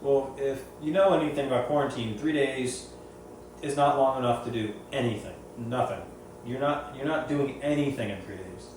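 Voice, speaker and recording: A man's voice: medium pitch, normal speed, a little mellow. Man talking in an echoey room, far off. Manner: rambling, repeats and restarts phrases. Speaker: reef aquarium hobbyist. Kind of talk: casual opinionated storytelling. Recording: very echoey room, far from mic, faint noise.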